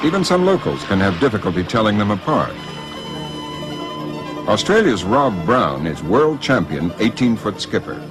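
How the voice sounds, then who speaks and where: Documentary narrator guy, lowish voice, goes up and down a lot, music under it. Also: very animated, moderate pace. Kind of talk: scripted narration.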